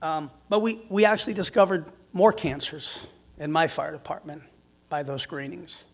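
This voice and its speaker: A man in his fifties, a firefighter union president, giving a heartfelt, raw speech from a conference stage, dropping quiet and then rising loud. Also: on the high side, steady tone, normal speed, creaky.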